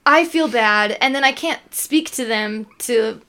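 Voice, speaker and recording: A woman's voice: fairly high pitch, measured pace, bright, forceful tone. A young woman co-hosting a podcast, chatting casually, telling stories and laughing often. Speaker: podcast co-host. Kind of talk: casual chat.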